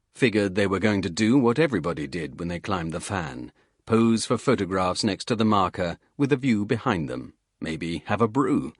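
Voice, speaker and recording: A man narrating an audiobook thriller in a measured, steady reading. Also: on the low side, no echo, studio quality. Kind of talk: scripted narration.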